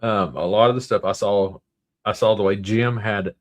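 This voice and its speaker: A man's voice: lowish voice, fairly even intonation, normal speed. A man with a Southern drawl hosting a casual livestream, rambling along and reading viewer comments aloud. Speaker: livestream host.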